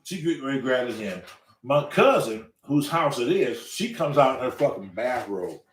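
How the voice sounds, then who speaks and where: A man's voice: medium pitch, moderate pace, recorded from a distance. Profane older man telling a story. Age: 60s. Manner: profane, animated, drawling. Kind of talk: casual storytelling. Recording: roomy room, away from mic.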